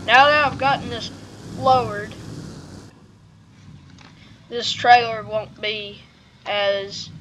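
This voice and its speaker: Slow, rambling woman with hiccups. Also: on the high side, a bit bright, slight background noise, poor audio. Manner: rambling, halting, many fillers and restarts. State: has the hiccups. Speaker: vlogger. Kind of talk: casual vlog narration. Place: outdoors by a truck and trailer.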